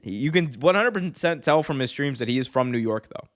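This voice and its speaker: A man's voice: medium pitch, lively intonation, fairly quick, no room sound, clean studio sound. A man co-hosting a casual live-streamed chat, rambling with lots of restarts and laughter while he reads out the chat. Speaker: podcast co-host.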